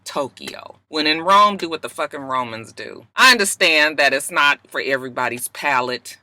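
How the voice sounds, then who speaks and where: A woman giving a sassy, profane, animated recap of a reality TV episode from her car. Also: deep voice, normal speed, no room sound. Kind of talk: casual reality show recap. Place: parked car.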